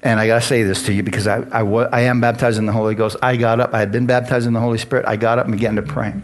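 A man's voice: medium pitch, flat delivery, rapid-fire. A male pastor preaching a sermon in a conversational way, asking the congregation questions as he goes. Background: guitar music.

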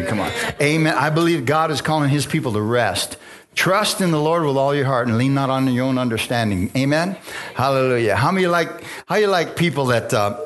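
A man preaching a sermon, calling out to the congregation with frequent amens and hallelujahs and easy laughter. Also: fairly high pitch. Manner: call-and-response, lively preaching with laughs. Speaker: pastor. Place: church sanctuary.

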